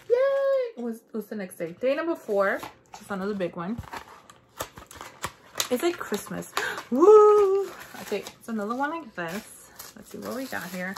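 An excitable woman chatting casually as she unwraps beauty products at her desk, gasping and cheering at each reveal. Her voice sits at an ordinary pitch for a woman. A faint hiss runs under the recording. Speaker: beauty vlogger. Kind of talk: casual unboxing chat. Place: indoors at a desk.

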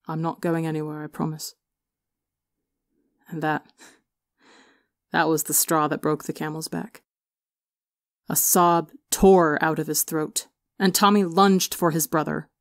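A woman reading fan fiction aloud as an audiobook narrator, expressive on the emotional beats. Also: lowish voice, unhurried, no echo, clean studio sound. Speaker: audiobook reader. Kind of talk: storybook narration.

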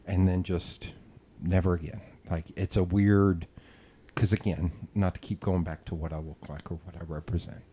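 A man's voice: sits low, fairly even intonation, normal speed, warm tone, breathy edge. A man hosting a podcast, telling rambling, self-deprecating stories in casual chat and swearing freely. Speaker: podcast host.

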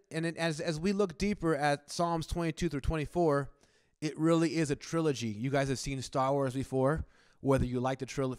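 Man preaching, smooth clear voice. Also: medium pitch, darkish tone, no echo, studio quality. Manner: conversational preaching, repeats words when restarting; asks the congregation direct questions. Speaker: pastor. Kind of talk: sermon. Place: church service.

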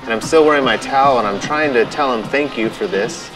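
A man, a tattoo artist, telling his story in a documentary interview, halting and restarting often and quoting his own thoughts. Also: mid-range voice, music in the background, rough recording. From United States.

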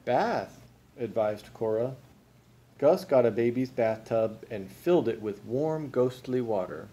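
A man reading a children's storybook aloud as a father, with expressive, unhurried storytelling. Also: medium pitch.

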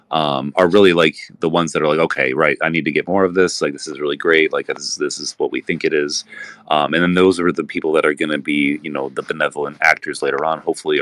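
A man's voice: extremely low pitch, no room sound. A man hosting a live audio chat room, talking loosely with lots of fillers. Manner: relaxed, rambling, filler-heavy talk. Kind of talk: casual chat. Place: Thailand.

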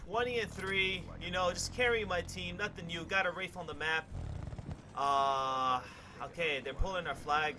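A young man commentating his own gameplay, cocky and hyped, swearing and yelling out suddenly. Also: a little high, moderate pace, noisy background. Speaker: gaming YouTuber.

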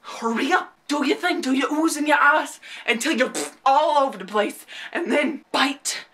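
A woman ranting in a reaction vlog, swearing constantly and breaking into shouted outbursts. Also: high-pitched, moderate pace, slight background noise. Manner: profane, rants with shouted outbursts. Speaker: vlogger reacting to a webtoon chapter.

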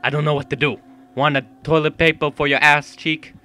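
A young man giving jumpy, profane commentary while playing a horror game, yelping and shouting when startled. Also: a little high, little pitch movement, a little fast, loud music behind the voice. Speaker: gaming YouTuber. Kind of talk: horror let's-play commentary. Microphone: gaming mic with headphones.

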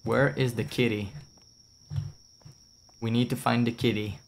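A man's voice: mid-range voice, little pitch movement, measured pace, gravelly, a little hiss or hum. A young man with a French accent, rambling and chatting casually as he streams a game, swearing now and then and answering his chat. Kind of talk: casual gameplay commentary.

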